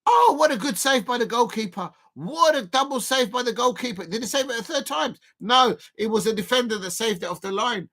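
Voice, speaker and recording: A streamer talks through a football match live for viewers, drifting between loose chat and quick corrections. The voice sits at a middling pitch, full of ums and laughs. It jumps into loud excited cries whenever a goal nearly goes in. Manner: rambling and self-correcting, full of fillers and laughs; bursts into excited shouts at near misses. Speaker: football watch-along streamer. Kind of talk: casual live watch-along commentary.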